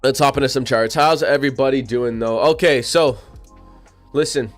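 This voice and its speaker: A man running a live trading stream chats casually with his viewers, addressing them directly in slangy language and repeating himself, with the odd hiccup. His mid-range voice moves at normal speed, with soft music playing in the background.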